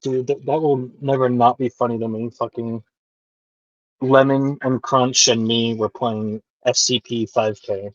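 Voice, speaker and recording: A man's voice: mid-range voice, steady tone, measured pace, dry recording. A man telling a story in laid-back casual chat. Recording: dull lo-fi mic.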